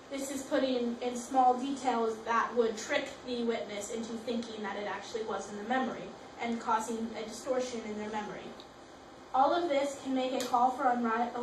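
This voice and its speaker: A young woman giving a school project presentation, reading from notes and restarting on long words. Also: a little high. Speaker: student presenter. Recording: roomy, from a distance, faint hiss.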